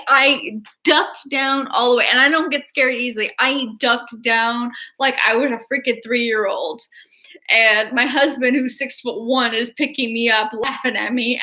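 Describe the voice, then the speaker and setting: Bright-voiced, excitable woman rambling. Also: high-pitched. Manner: excited, rambling, many restarts and laughs. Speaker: artist and horror-fan vlogger. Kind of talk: casual livestream chat.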